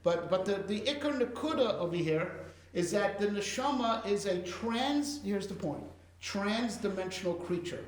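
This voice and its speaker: A man's voice: sits high, animated, normal speed, reverberant. A man, a rabbi, teaching a Torah class and explaining with rhetorical questions and lots of fillers.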